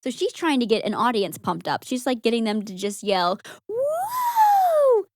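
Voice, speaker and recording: A woman's voice: mid-range voice, lively intonation, fairly quick, no room sound, clean studio sound. A young woman co-hosting a podcast, recapping a movie in casual chat, giggling and acting out lines. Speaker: podcast co-host.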